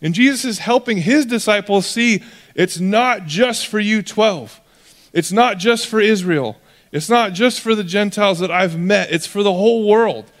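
A male pastor preaching a sermon in a relaxed, conversational storytelling way, often acting out the voices of people in his stories. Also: high voice, big-room sound.

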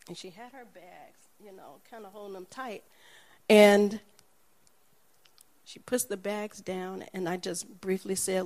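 A woman's voice: medium pitch, normal speed. A middle-aged woman preaching, telling a personal testimony and acting out the people in it. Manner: animated storytelling, acts out the people in her story.

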